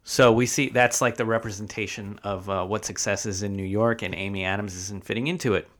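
A man's voice: lowish voice, fairly even intonation, fairly quick, a bit bright. A man co-hosting a podcast in casual chat, talking in a rambling way with many fillers and restarts. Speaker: podcast co-host.

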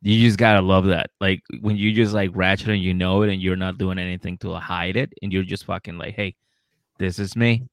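A man with a low, gravelly voice recaps a reality show on a podcast, laughing often and acting out the cast in quick put-on voices. His sound is close and dry. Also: no echo. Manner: animated, laughing, acts out the cast's lines in quick voices. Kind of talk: casual comedic chat.

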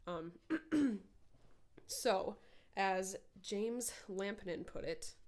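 A woman's voice: mid-range voice, very slow, darkish tone. A young woman from Minnesota with a light Minnesotan accent, co-hosting a podcast in rambling, profane casual chat on a studio mic. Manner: rambling, profane, with many "like" fillers. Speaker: podcast co-host. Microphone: headphones and studio mic.

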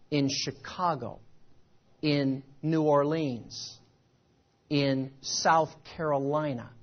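Husky-voiced man lecturing a seminar crowd. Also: a little high, muffled recording. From United States. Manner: animated, repetitive, rhetorical questions to the audience. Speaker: seminar speaker. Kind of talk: motivational seminar talk. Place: event room with a live audience.

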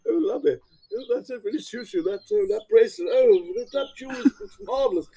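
A man's voice: very high voice, huge pitch swings, a little fast, gravelly, dark tone, husky, pitched above the performer's own voice, exaggerated voice. A man voicing a posh, refined male jewellery salesman who gushes over the customers. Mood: gushing. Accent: posh English. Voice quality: plummy, gushing. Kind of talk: storytelling impression.

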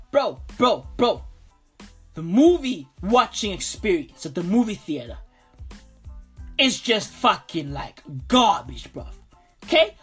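A woman in a profane comic rant, full of slang, repeated lines and loud exasperated outbursts. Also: medium pitch, big pitch swings, unhurried, slightly rough, faint music behind. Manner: slangy, swearing, repeating itself. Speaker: ranting vlogger.

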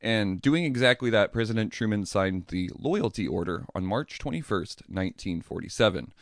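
A young man hosting a casual history podcast, animated, often acting out people in mocking voices and laughing at his own jokes. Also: on the low side, normal speed, creaky, no echo, studio quality. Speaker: podcast host.

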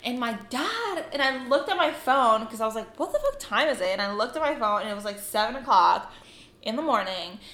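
A young woman co-hosting a podcast, telling a story in casual chat, animated and swearing freely as she acts out the people in it. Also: on the high side, brisk, roomy sound. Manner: animated, swears a lot, acts out quoted voices. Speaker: podcast co-host.

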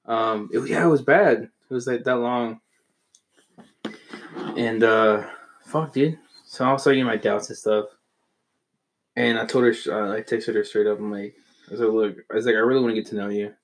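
A man's voice: fairly low pitch, steady tone, normal speed, long pauses, a little hiss or hum. A man telling a long, rambling story among friends, swearing a lot and mocking himself. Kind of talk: casual chat.

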